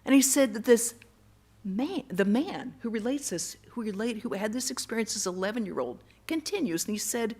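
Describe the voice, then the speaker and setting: A woman giving a temple lecture, telling stories earnestly and going soft and hushed on tender words. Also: on the high side, animated, normal speed, husky. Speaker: monastic lecturer. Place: temple hall.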